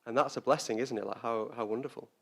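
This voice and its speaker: Halting, reflective male Dharma teacher. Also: medium pitch, steady tone, vocal fry, fairly bright tone. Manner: reflective, halting, repeats words while searching for them. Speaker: Buddhist teacher. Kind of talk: Dharma talk.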